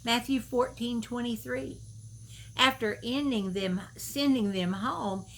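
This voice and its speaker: A woman's voice: a little high, slow, rough recording. A middle-aged woman giving a devotional talk to camera in a folksy, storytelling way, with emphatic questions to the viewer. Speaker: Christian video minister.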